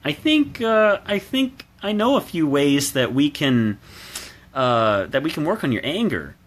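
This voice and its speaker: A man playing a calm man who offers to soothe an angry woman. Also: fairly high pitch, unhurried, pitched above the performer's own voice. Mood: wry, soothing.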